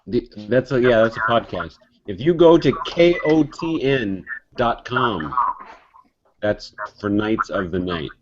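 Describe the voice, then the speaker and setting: A man co-hosting a casual webcast chat, playful and teasing with quick giggles. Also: mid-range voice, animated. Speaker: co-host. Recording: dull lo-fi audio with faint hiss.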